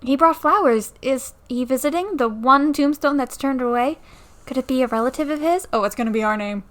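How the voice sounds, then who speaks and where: A woman's voice: high voice, fairly quick, fairly bright tone. A young woman casually commenting on a game at home into a new mic, playfully reading the dialogue aloud and joking about it. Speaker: let's play creator. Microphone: new desktop mic.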